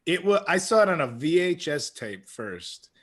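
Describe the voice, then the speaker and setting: A male podcast co-host in loose comedic chat, his voice sitting a little high. He rambles through anecdotes and laughs as he talks. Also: big pitch swings, normal speed, fairly bright tone.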